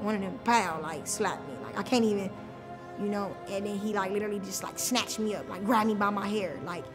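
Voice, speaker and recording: A woman's voice: mid-range voice, long reverb tail. A woman as an interview guest, telling a personal story in a colloquial, emotional way with many fillers.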